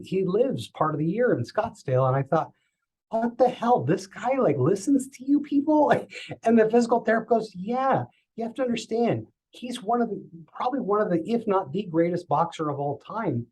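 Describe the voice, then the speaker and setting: A man tells a personal story on a podcast in a slightly high voice. He talks in an animated way, acting out the voices of the people he quotes. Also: breathy edge, rough recording. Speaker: podcast guest.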